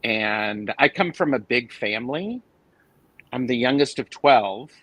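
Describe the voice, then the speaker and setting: A man's voice: medium pitch, expressive, unhurried, fairly bright tone, no echo, poor audio. A man chatting casually, responding with encouraging remarks and telling about his big family. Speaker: guest tarot reader. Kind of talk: casual chat.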